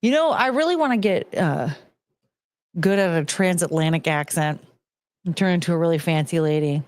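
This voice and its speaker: A woman's voice: fairly low pitch, expressive, normal speed. A woman hosting her own podcast, chatting loosely on her own and now and then scatting beats or cooing at her dogs. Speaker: podcast host. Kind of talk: casual solo chat.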